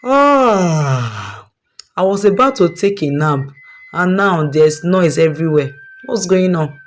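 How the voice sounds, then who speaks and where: A woman's voice: fairly low pitch, expressive, slow pace, a little hiss or hum. A woman voicing a lazy, spoiled young son who talks in a whiny, sleepy way.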